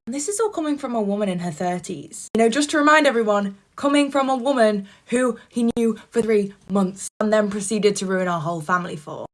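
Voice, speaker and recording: Woman, casual storytime, sarcastic gloating tone, mid-pitched voice. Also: a bit bright.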